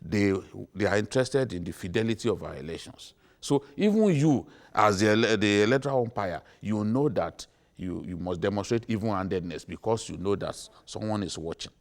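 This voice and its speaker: A middle-aged Nigerian man speaks on a television panel. His voice sits fairly low, and he lectures emphatically, repeating his points. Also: animated, brisk. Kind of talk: studio panel discussion. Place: TV studio.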